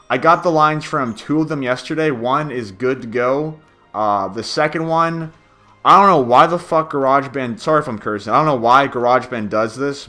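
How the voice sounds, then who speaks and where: Chatty, bright-voiced man commenting on a game. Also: medium pitch. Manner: rambling, chatty, swears casually. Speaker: gameplay commentator. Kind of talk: casual game walkthrough commentary.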